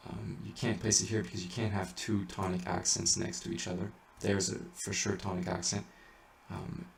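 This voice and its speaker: A man with a lowish, gravelly voice explains chant rules in a halting, filler-heavy way. He sounds a bit distant from the mic in an echoey room with faint noise behind him. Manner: halting explanations with many fillers and restarts, breaking into sung Latin chant. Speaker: chant teacher. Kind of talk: informal spoken lesson with sung examples.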